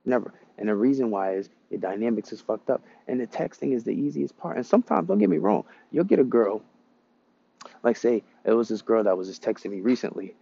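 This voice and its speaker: A man's voice: fairly low pitch, animated, a little fast, gravelly, warm tone, breathy edge, lo-fi sound. A man giving dating advice in a casual, rambling monologue, blunt and profane as he tells stories.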